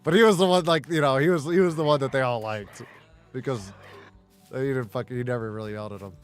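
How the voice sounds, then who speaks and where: A man's voice: medium pitch, fast, clear, resonant tone, soft background music. A middle-aged man telling stories while gaming, blunt, heavily profane and laughing often. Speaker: gaming streamer. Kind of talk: casual storytelling while gaming.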